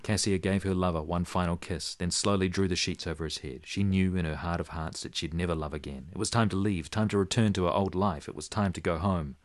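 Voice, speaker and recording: Man, very deep voice, deadpan storyteller, dry close sound. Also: no echo. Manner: slow, mock-serious narration. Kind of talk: deadpan parody story reading.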